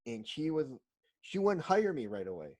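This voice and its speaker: A man's voice: fairly high pitch, very animated, normal speed, darkish tone. A man hosting an interview in a casual way, relating his guest's story to his own experiences. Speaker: podcast host. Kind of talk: conversational interview.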